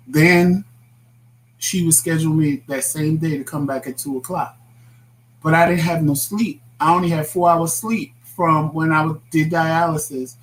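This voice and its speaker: A man with a fairly high voice, telling a personal story in frank, everyday talk as a talk show co-host. A faint hum runs under the recording. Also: steady tone, a little slow, rough recording. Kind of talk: casual chat.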